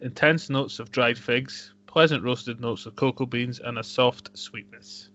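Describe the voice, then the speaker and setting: A man's voice: mid-range voice, fairly even intonation, measured pace, a bit bright. A man co-hosting a casual whisky-tasting podcast, making dry jokey asides and reading out tasting notes. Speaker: podcast co-host. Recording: dull lo-fi home podcast recording.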